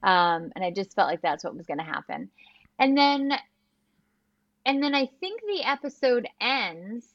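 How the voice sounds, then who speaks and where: A woman's voice: a little high, sing-song, dry recording, dull audio. Chatty woman recapping a show. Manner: chatty, retells scenes with quick quoted lines. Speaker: podcast co-host. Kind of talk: casual recap chat.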